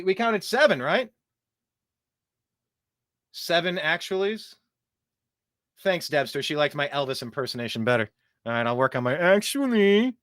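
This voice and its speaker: Animated mocking male talk show host. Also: on the high side, no room sound, clean studio sound. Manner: animated, mocking, does voices while ranting. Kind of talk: opinionated commentary over clips.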